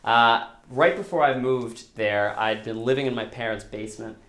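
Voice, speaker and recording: In a small live storytelling venue, a man with a medium-pitched, slightly bright voice speaks at a moderate pace, his words echoing around the room. He tells a personal story in a casual, self-deprecating way and acts out the dialogue as he goes.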